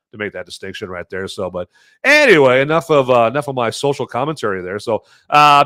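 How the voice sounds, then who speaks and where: A chatty male podcast host with a bright, forceful tone, recorded dry and close. He rambles and corrects himself as he goes, punching some words and muttering others under his breath. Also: medium pitch, dry recording. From American Midwest. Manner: rambling, self-correcting, chatty with lots of fillers; animated swings between loud emphasis and muttered asides. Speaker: podcast host reviewing movies and beer. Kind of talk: casual solo commentary.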